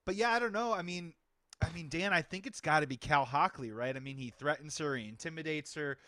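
A man's voice: a little high, fairly quick, sharp tone, no echo. A man hosting a casual film podcast, chatting with enthusiasm and rambling asides. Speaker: podcast host.

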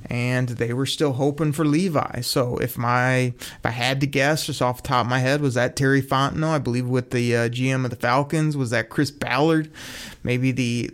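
A man giving an enthusiastic, casual recap of football draft picks, often quoting others and laughing. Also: mid-range voice. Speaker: sports commentator.

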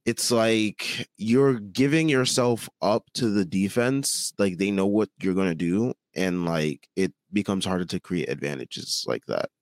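A man co-hosting a casual postgame sports podcast, losing his voice, talking in halting bursts with lots of fillers and restarts. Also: deep voice, no echo, clean studio sound. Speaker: podcast co-host; teacher.

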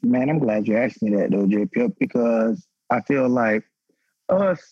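A man's voice: a little slow, breathy edge, dry recording, muffled recording. A man in his thirties, a former football player, telling a raw, emotional story on a podcast panel and swearing freely. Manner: raw, emotional, profane, pitch climbing when stirred.

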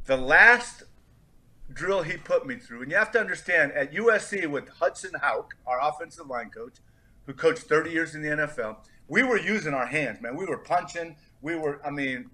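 A man's voice: a little high, moderate pace. A middle-aged man from California, a former football player telling stories as a podcast guest and acting out the people he quotes. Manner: animated storyteller, acts out quoted voices. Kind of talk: storytelling in a podcast interview.

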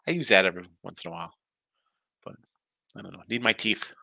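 A man's voice: low voice, expressive, fast talker, gravelly, bright, forceful tone, slight background noise. A man hosting a casual sports betting picks show, talking in a rambling, trailing-off way while sleepy and yawning.

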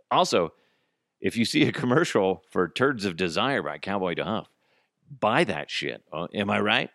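On his solo comedy podcast, a man rants sarcastically and swears, sometimes taking on both roles in a dialogue. His low-ish voice is creaky, fairly bright and very animated, a little slow, with long pauses. The studio-quality recording has no echo.

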